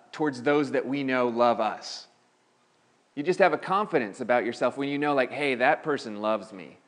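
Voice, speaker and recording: A male pastor giving a sermon in a church, talking casually with restarts and lifting his voice on key points. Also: mid-range voice. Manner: conversational preaching with frequent restarts, rising emphasis on key points. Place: church sanctuary.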